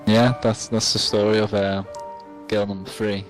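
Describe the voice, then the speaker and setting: A man's voice: lowish voice, flat delivery, moderate pace, music in the background, rough recording. A tipsy young man, rambling and swearing as he tells a self-mocking story to the camera.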